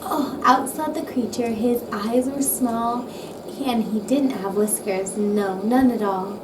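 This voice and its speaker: A woman calmly reading a rhyming children's picture book aloud. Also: on the high side, slow pace. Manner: calm, gentle, rhythmic reading. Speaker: storybook reader. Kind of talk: bedtime story reading aloud. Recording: roomy, distant mic with background noise.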